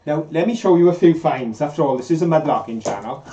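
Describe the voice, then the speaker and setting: A man's voice: fairly high pitch, wildly swooping pitch, normal speed, a little mellow, slight background noise. A man, co-hosting a live stream in a chatty, jokey, enthusiastic way. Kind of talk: casual live-stream chat. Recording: slightly dull lo-fi sound.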